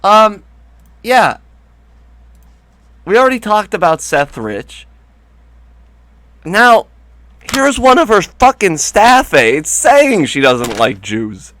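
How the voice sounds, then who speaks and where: A man talks through a rambling, sarcastic commentary, swearing freely as he goes. His voice sits a bit high for a man, recorded close and dry with almost no room sound. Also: very animated, slow pace, long pauses, a bit bright, dry recording. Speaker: commentary host. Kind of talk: crude comedic political commentary.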